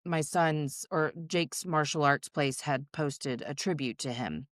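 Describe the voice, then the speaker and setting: Middle-aged woman host, low voice, dry close sound, candid and emotional, casual swearing. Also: a little slow, no echo. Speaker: podcast host, therapist. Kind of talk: candid conversational chat.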